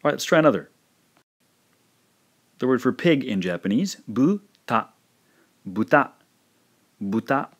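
A man narrating a recorded language lesson, speaking slowly and carefully and repeating each pronunciation. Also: medium pitch, sing-song. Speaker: language teacher.

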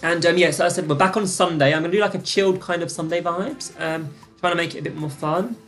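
A young British woman hosting a live-streamed trivia quiz, chatty and gossipy, with excited gasps and lots of fillers. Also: lowish voice, quick pace, faint music behind. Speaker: quiz host.

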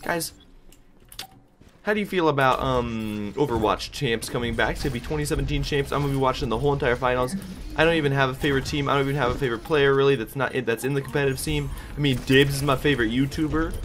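A man's voice: mid-range voice, quick pace, fairly bright tone. A young man casually commentating his own gameplay, hyped and joking, trash-talking and laughing. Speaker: gaming YouTuber.

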